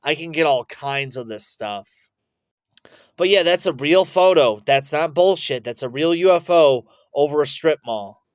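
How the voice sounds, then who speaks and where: A young man rambling boastfully to camera, excitable, swinging between loud bursts and mutters. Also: on the high side, a little slow, smooth. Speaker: vlogger.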